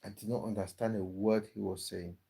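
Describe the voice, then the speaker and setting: A man's voice: fairly low pitch, flat delivery, a little fast, creaky, mellow, slightly rough. A man hosting a casual livestream, chatting with viewers and reading out comments, often repeating words as he restarts. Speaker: livestream host reading chat. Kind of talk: casual live chat.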